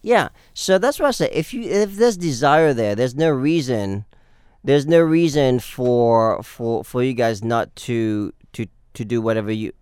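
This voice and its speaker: Young male dating coach, playful and animated, clean dry close sound. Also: medium pitch, unhurried, smooth, no room sound. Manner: animated, acts out phone calls with playful voices. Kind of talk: casual podcast advice.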